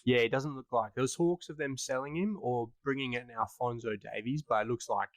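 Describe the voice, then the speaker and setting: A man hosting a football podcast, chatting in a relaxed way with many fillers and restarts. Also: medium pitch, fairly quick, dry recording, low-quality recording. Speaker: podcast host. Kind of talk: casual podcast interview.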